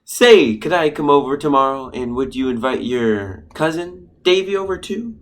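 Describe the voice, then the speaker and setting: A man's voice: on the high side, expressive, normal speed, natural voice. A man playing a smug, lovesick rich young man. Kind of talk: student comedy stage play.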